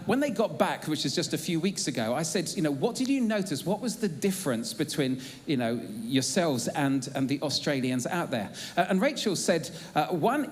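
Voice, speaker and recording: A man, preaching a sermon to a church congregation in a chatty, humorous way with plenty of ums and uhs. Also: on the high side. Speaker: pastor. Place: church auditorium.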